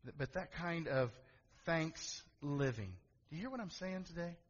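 A man's voice: fairly high pitch, lively intonation, quick pace, breathy edge. A middle-aged male pastor preaching a sermon, telling a story with asides to the congregation and building to emphatic calls. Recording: echoey hall, dull lo-fi sound.

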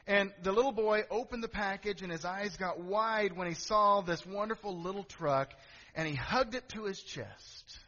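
A middle-aged male pastor delivers a sermon in a high, sharp voice at normal speed, telling a story with asides to the congregation and building to emphatic calls. The recording sounds dull and lo-fi, with the echo of a large hall.

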